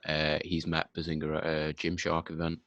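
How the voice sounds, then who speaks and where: A man's voice: rumbling low, completely flat delivery, moderate pace, fairly bright tone, dry recording, lo-fi sound. A young man, co-hosting a casual podcast and speaking bluntly, swearing freely as he gives his opinions. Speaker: podcast co-host. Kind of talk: casual chat.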